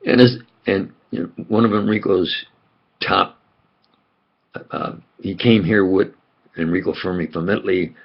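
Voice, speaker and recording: An older man with a New York accent, speaking in a slow, halting, rambling monologue full of fillers and restarts. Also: low-pitched, steady tone, vocal fry, dull audio. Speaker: channel host.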